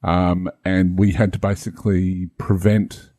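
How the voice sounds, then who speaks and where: A man's voice: low-pitched, level tone, unhurried, dark tone, no echo, studio quality. A man, a game master co-hosting a casual podcast, rambling and self-deprecating with many fillers.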